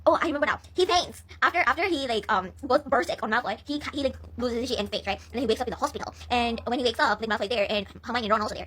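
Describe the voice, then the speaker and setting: A woman's voice: a little high, racing, fairly bright tone, a little hiss or hum. A young woman rambling casually as she retells a story, with lots of fillers, swearing and laughter. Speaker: vlogger.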